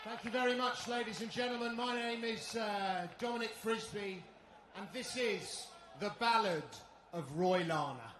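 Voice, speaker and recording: A man's voice: sits high, normal speed, noisy background. A man singing a rousing, chant-like ballad to his own guitar. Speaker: singer-songwriter. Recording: roomy echo with loud guitar.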